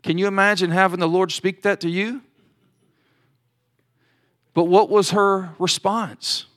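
A man's voice: sits high, steady tone, a little slow, fairly bright tone. Man preaching with rising emphasis. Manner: rising to emphatic declarations, voicing pleas in prayer. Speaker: pastor. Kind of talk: sermon.

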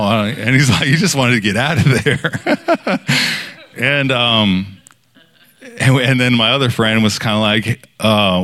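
Preaching informally at normal speed, a man rambles through a personal story packed with fillers. Whenever he quotes someone, he gets animated and his voice leaps high.

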